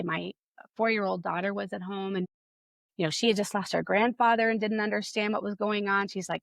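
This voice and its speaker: A mother recounts her family's hardest night with earnest feeling, slipping into the voices of the people around her. Her voice carries a gravelly edge and sits in a dry, close recording. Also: mid-range voice, no echo. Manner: earnest, emotional storytelling with quoted dialogue. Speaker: guest, mother and advocate. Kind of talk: personal testimony in an interview.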